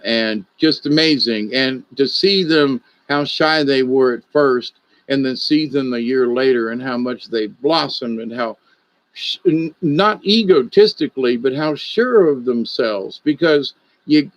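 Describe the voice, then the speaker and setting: A man's voice: mid-range voice, no room sound, muffled recording. A man, a puppeteer and storyteller, telling an anecdote in a casual, rambling way, with many restarts and quoted dialogue.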